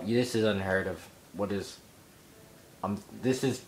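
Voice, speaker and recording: A young man giving excitable let's play commentary, yelping and mock-outraged as he explores. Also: on the low side, a little slow, pauses often. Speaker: gamer.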